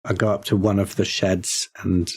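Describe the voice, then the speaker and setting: A man playing a tabletop horror game, talking through his character's actions in a thoughtful, halting way. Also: low-pitched, flat delivery, a little mellow, breathy edge. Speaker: player. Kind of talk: casual tabletop game play.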